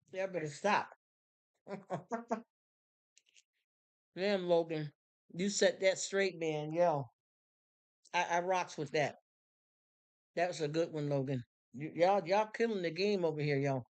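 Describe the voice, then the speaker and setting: A woman's voice: fairly low pitch, a little mellow. A woman hosting a casual livestream, reading viewer comments with effusive, slangy talk and frequent laughter. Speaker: livestream host.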